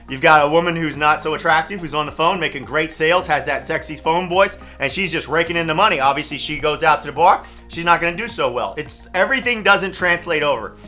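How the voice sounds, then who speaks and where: Man, high bright voice, emphatic off-the-cuff advice vlog, faint music underneath. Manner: emphatic, repeats words, frequent restarts. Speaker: sales vlogger.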